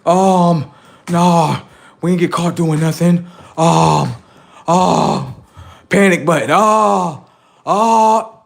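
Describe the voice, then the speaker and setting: A man's voice: fairly high pitch, fairly even intonation, takes it slowly, gravelly, pauses often. A young man live-streaming, doing brash, profane, mocking banter with his chat. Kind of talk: casual live-stream commentary.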